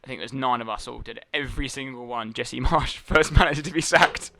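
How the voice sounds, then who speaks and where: A man's voice: medium pitch, fairly quick, creaky, pushed and bright, dry recording. A man co-hosting a casual football podcast, laid-back and often laughing along. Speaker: podcast co-host.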